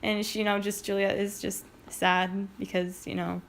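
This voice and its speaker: A woman's voice: medium pitch, flat delivery, normal speed, a little hiss or hum. A young woman casually retelling a play in slangy, laid-back words. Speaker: narrator.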